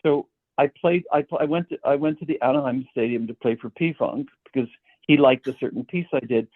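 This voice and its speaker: Fairly quick and mid-range, the guest composer's voice comes through a dry, tinny phone-like line. He tells extended stories, often stammering and repeating words at each sentence's start.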